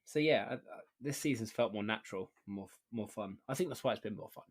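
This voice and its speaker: A man's voice: fairly low pitch, quick pace, husky. A young man, co-hosting a podcast in casual chat, rambling, laughing often and swearing freely. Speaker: podcast co-host.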